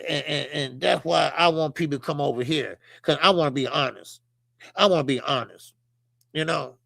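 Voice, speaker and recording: Man, boxing stream host, profane and rambling, bright tense voice, dry close sound. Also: on the high side, gravelly, dry recording. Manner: blunt, profane, repeats himself, many fillers. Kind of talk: casual livestream commentary.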